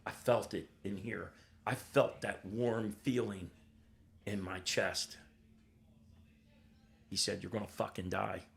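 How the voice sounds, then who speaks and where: A man's voice: fairly low pitch, fairly even intonation, slow, pauses often. An older man telling his own story as a podcast guest, blunt and raw, swearing freely and acting out the voices of people in his story. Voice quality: gravelly. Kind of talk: candid personal storytelling.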